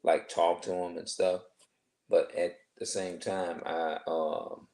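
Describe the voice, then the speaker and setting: A man in his forties talking to camera in a rambling personal monologue, halting and restarting often. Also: deep voice, little pitch movement, darkish tone. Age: 40s. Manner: halting, many restarts and filler phrases. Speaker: vlogger.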